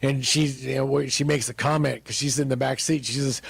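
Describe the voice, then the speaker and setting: A middle-aged male pastor telling a humorous personal story in a relaxed, conversational sermon. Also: medium pitch, moderate pace, gravelly, slightly rough.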